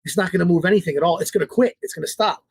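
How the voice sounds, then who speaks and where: Guest: man, dog trainer. High-pitched, husky voice, dry close sound. Blunt, profane, repeats himself. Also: very fast, no echo. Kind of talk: casual interview talk.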